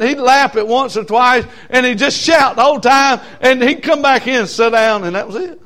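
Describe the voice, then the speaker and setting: A man preaching a storytelling sermon, dropping to hushed asides and rising to shouted hollers. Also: very high-pitched, normal speed, few pauses.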